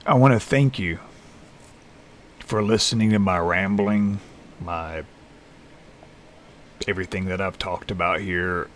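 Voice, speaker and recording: Slow, low-voiced man stumbling over words. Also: slight background noise. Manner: halting, hesitant, many restarts and fillers. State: lethargic, tired. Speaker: vlogger in recovery. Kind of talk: unscripted personal vlog. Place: small room alone. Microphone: camera facing speaker.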